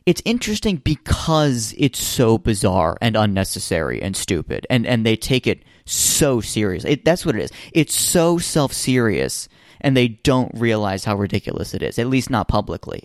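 Animated rambling American man. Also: mid-range voice, no room sound, clean studio sound. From United States. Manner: animated, rambling with many restarts. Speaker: podcast co-host. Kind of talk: casual chat.

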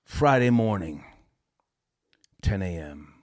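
A man hosting a call-in show, telling a rambling story in a casual, profane, animated way and laughing as he goes. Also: low voice, takes it slowly.

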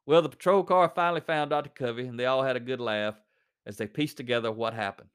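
A man's voice: mid-range voice, fast talker, smooth. A man reading a story aloud, then commenting on it conversationally with fillers. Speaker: reader and commentator.

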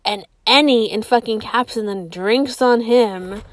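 Profane, animated young woman podcaster. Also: fairly high pitch, a little slow, no echo. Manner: profane, animated, drops to whispers for asides. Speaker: podcast host. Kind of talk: casual storytelling.

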